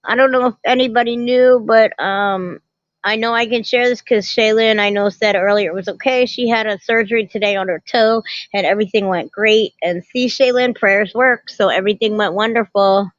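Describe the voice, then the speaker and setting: A woman hosting a casual livestream from a family home, chatty and animated as she greets viewers by name and talks to her chat. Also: mid-range voice, moderate pace, dry recording. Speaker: livestream host. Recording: muffled lo-fi phone audio.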